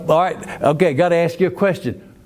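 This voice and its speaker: A man's voice: on the high side, quick pace, a little mellow. Older man teaching Bible class. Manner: folksy, asks the class questions, restarts phrases. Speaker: Sunday school teacher.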